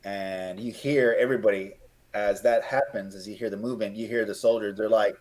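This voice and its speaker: A man runs a tabletop game, describing scenes in a loose, rambling way, restarting phrases as he goes. His voice sits fairly low. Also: steady tone, fairly quick, a little mellow, low-quality recording. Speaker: game master.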